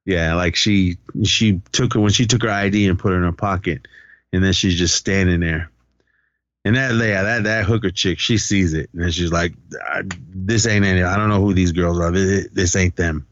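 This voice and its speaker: A podcast co-host with a low, fairly even voice talks at a moderate pace, loosely recapping a movie's plot and acting out the characters' lines with plenty of profanity. His tone is a bit bright, and the lo-fi recording has no echo.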